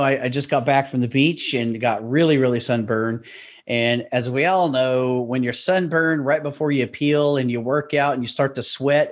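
Rambling Oklahoma man co-hosting. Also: mid-range voice. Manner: chatty, rambling storyteller. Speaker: podcast co-host. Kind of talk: casual chat.

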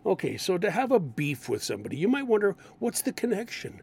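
A man teaching English idioms, explaining each one and acting out example lines in an animated way. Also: sits high, brisk, creaky, husky.

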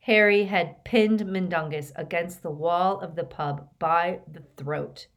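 A woman reading an audiobook aloud with a lively delivery. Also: on the low side, measured pace. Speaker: audiobook narrator.

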